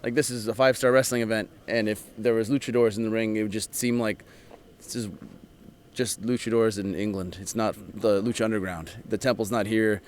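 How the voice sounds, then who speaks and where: A man chatting as a guest in an interview, easygoing and quick to laugh. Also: fairly low pitch, fairly even intonation, a little hiss or hum. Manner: easygoing, laughs often, loose filler-heavy phrasing. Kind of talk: casual interview chat.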